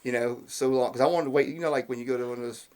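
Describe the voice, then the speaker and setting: A man's voice: medium pitch, rapid-fire. A man, a podcast guest telling long rambling stories in casual chat, often laughing at himself. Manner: rambling, animated, laughs at his own stories.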